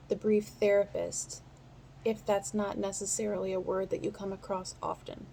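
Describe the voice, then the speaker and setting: A woman's voice: mid-range voice, little pitch movement, mellow, soft background music. A woman giving a casual, chatty stenography practice lesson, talking straight to her viewers. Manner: chatty, quick, talks to the viewer directly. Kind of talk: casual instructional talk.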